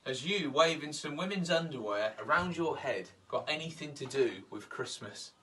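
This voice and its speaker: A patient gatekeeper saint, as a British man puts him on while telling a joke. The voice is bright and set back from the mic, with a faint hiss behind it. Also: a little high, expressive, moderate pace, far from the mic. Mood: weary.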